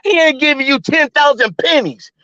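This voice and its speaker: Ranting on his livestream, the host talks fast, swears, and mocks with heated energy. He has a very high-pitched, animated, sharp voice without echo, carried over dull, lo-fi stream audio.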